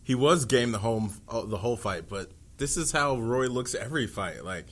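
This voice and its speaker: A man's voice: mid-range voice, lively intonation, normal speed. A man co-hosting a combat sports podcast, chatting casually with wry, dry quips. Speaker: podcast co-host.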